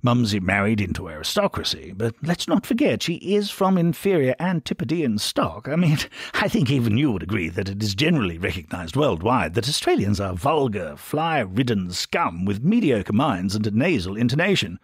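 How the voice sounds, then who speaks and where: A man's voice: fairly low pitch, sing-song, normal speed, few pauses, husky, no echo, studio quality, exaggerated voice. A man voicing a condescending, upper-class English older brother with a plummy, pompous drawl, in an audiobook reading.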